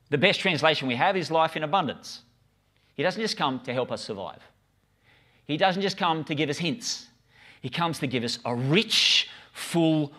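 A man's voice: medium pitch, fairly bright tone. A middle-aged man, preaching a casual, conversational sermon with frequent stammered restarts. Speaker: pastor.

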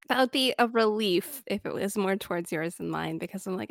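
Young female podcast co-host, playful and animated, close dry recording. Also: medium pitch, normal speed, creaky, no echo. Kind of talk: casual podcast banter.

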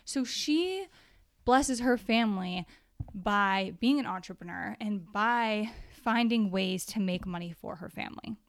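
A young woman gives a casual devotional Bible study in an earnest, conversational way. She reads the verses aloud. Her voice has a gravelly fry, and the sound is dry and close. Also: mid-range voice, a little slow, no room sound.

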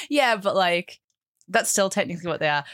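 A woman with a mid-range voice rambles through casual podcast chat, full of fillers and quick to laugh. Her sound is close and dry, with no room around it. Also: mid-range voice, very animated, a bit bright, no echo. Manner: rambling, filler-heavy, easily amused. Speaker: podcast co-host.

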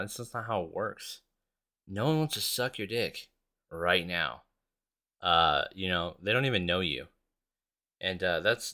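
Male podcast host, low and forceful, cursing and self-deprecating, loose rambling delivery. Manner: profane, self-mocking, laughs often; rambling with restarts. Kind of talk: casual solo podcast chat.

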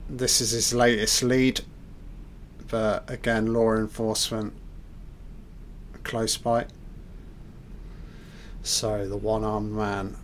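A man's voice: medium pitch, a little hiss or hum. A man giving a loose, off-the-cuff film commentary, reacting aloud and swearing at the scenes.

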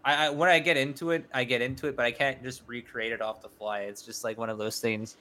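A man's voice: mid-range voice, steady tone, quick pace, sharp tone. A man talking as a podcast guest in casual chat, rambling with lots of fillers and swearing.

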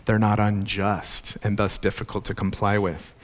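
A man's voice: lowish voice, monotone, moderate pace. Male pastor preaching, laid-back and chatty, then gets fired up and emphatic. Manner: conversational preaching, rising to fervent emphasis. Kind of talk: sermon. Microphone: podcast recording of a church sermon.

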